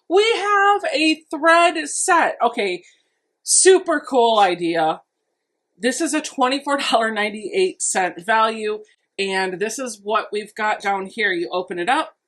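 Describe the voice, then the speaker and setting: A woman's voice: mid-range voice, fairly bright tone. A woman quilting vlogger giving a chatty, enthusiastic unboxing walkthrough, thinking aloud as she goes. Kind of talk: casual unboxing narration.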